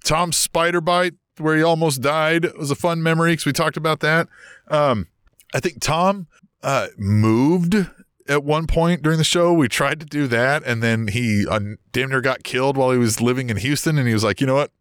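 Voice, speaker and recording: A man co-hosting a podcast, telling old stories in a rambling, casual way and getting animated when he quotes people. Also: fairly high pitch, moderate pace, smooth, no echo, studio quality. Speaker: podcast co-host. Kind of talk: casual storytelling chat. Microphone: video call.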